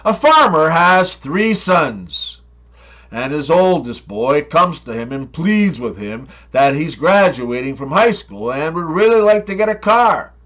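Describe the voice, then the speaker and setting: A man telling a run of scripted jokes, with deadpan setups and playful punchlines. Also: on the high side, measured pace, highs cut off. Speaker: comedy joke teller. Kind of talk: scripted joke monologue.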